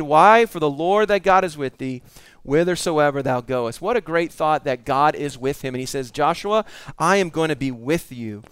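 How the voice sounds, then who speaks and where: A man's voice: high voice, brisk, fairly bright tone, smooth, no echo. A man preaching a conversational sermon, reading scripture aloud and adding casual asides. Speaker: pastor.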